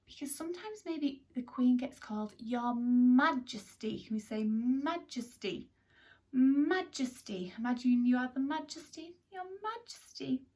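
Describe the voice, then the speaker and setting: A woman teaching a children's phonics lesson, animated and exaggerated, with gasps and whispered asides. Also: sits high, distant mic.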